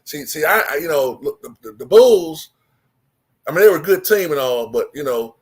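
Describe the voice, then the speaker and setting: A man's voice: on the high side, lively intonation, moderate pace, husky, voice pushed up. A man doing an impression of a boastful male basketball star, with a Southern drawl and a country twang. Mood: reminiscing.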